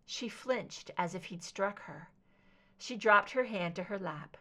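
A woman reading fan fiction aloud as audiobook narration, in a measured, even way. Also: medium pitch. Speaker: audiobook reader.

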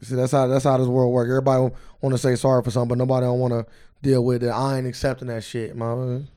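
A man's voice: medium pitch, little pitch movement, very fast, warm tone. A young man co-hosting a podcast in casual chat, sarcastic and needling, mock-indignant. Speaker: podcast co-host.

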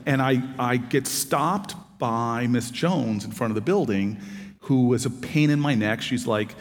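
Male storyteller, mid pitch, animated, plays every part in his anecdote, big reverberant hall. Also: normal speed, a little hiss or hum. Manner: animated anecdotal storytelling, acting out both sides of dialogue. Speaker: author and former city politician. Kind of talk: storytelling talk.

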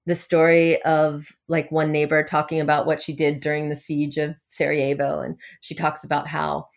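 A woman's voice: deep voice, completely flat delivery, normal speed, creaky. A woman novelist answering interview questions in a casual, wry way, laughing now and then as she talks. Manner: wry, self-deprecating, laughs often. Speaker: novelist guest.

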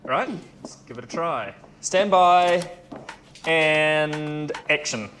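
Brisk, pushy man with a higher voice. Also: background noise. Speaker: casting director. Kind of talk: comedy sketch acting.

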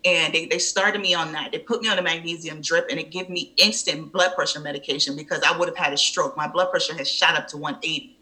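A woman telling a personal story in an emphatic way, repeating key phrases and jumping up in pitch when upset. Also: fast, few pauses, low-quality recording. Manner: animated, rising sharply in pitch when upset. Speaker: guest.

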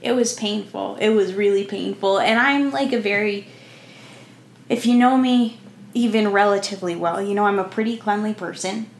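A woman in her twenties with a mid-range voice co-hosts a podcast, telling a travel story at a moderate pace in chatty, casual conversation packed with "like" fillers. The room is echoey, with faint background noise.

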